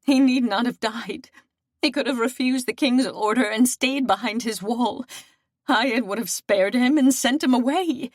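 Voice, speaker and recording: A woman's voice: fairly low pitch, moderate pace, no room sound, studio quality, close to an everyday voice. A woman voicing a young noble lady, pregnant and grieving, who speaks earnestly and with feeling in an audiobook. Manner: earnest and emotional.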